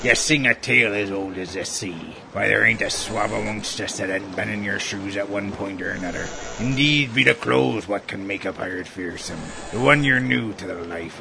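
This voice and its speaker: An actor playing a bossy old pirate bosun in a comedy radio ad, with a booming, theatrical sea-dog brogue. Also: male voice, vocal fry, background noise.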